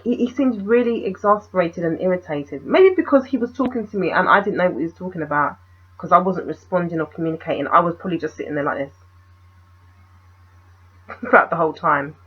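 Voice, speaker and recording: A woman telling a personal story in a vlog, animated and full of rhetorical questions. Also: on the low side, a little fast, slightly rough, dull audio. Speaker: vlogger.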